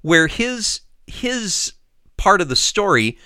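A man's voice: high-pitched, big pitch swings, takes it slowly, pushed and bright, clean tone, no room sound, studio quality. A man co-hosting a podcast in casual chat, rambling with many restarts and laughing easily. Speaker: podcast co-host.

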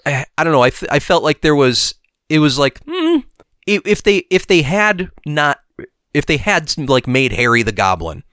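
A man's voice: a little high, sing-song, moderate pace, a bit bright, clear, resonant tone, dry recording, studio quality. A man co-hosting a podcast, chatting casually about a cartoon episode with frequent restarts and affirming noises. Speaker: podcast co-host. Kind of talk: casual chat.

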